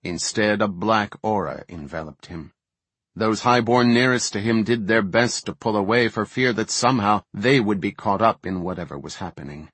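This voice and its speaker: A man reading a fantasy audiobook in a measured, steady way. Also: fairly low pitch, slightly rough, dry recording. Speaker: audiobook narrator.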